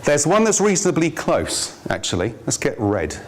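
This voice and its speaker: A man's voice: fairly high pitch, normal speed. Male workshop trainer, playful and engaging, recorded with background noise. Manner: lively, jokey, asks the audience. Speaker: business trainer. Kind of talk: workshop presentation. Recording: noisy room recording.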